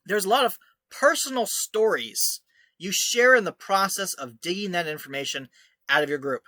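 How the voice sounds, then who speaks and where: A man's voice: high-pitched, animated, moderate pace, pushed and bright, no echo. A man giving sarcastic commentary as he reads out screenshots, mocking and scornful, often laughing. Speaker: online commentator. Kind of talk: reading his own article aloud.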